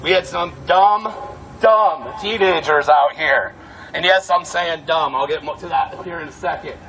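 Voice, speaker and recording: A man's voice: fairly high pitch, unhurried, a crowd in the background. A man giving a heated, profane rallying speech as protest security, outdoors on a street at night. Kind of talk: fired-up street speech to a crowd. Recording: distant mic with street noise.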